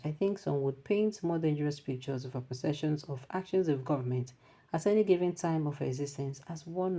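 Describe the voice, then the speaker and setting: Speaking in a low voice, this woman with a Nigerian accent delivers animated news commentary peppered with Pidgin, pausing to read out comments from her viewers.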